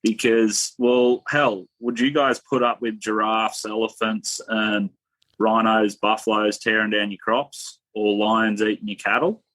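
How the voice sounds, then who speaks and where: Blunt man, low dry voice. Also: little pitch movement, measured pace, a bit bright, no echo, rough recording. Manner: blunt, opinionated, drawling fillers. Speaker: podcast guest. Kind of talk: casual podcast chat.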